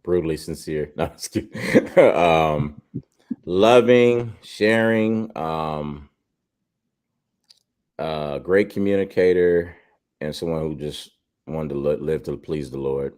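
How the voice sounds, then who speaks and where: A man in his forties speaks with an extremely deep, low voice. He talks earnestly and reflectively over a video call, pausing often with fillers as he tells his story. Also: a little mellow. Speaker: guest father. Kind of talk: interview storytelling.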